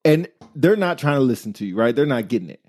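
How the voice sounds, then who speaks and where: A man's voice: mid-range voice, fast talker, no echo. A man co-hosting a casual talk show, chatting animatedly and acting out quoted remarks as he makes his points. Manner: animated, talks through examples with quoted asides. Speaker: podcast co-host. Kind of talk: casual chat.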